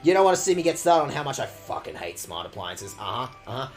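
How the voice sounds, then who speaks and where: Streaming a video game as let's-play commentary, a man rants at the characters with sarcastic, profane remarks. His medium-pitched voice moves quickly and swings widely in pitch, with soft music in the background.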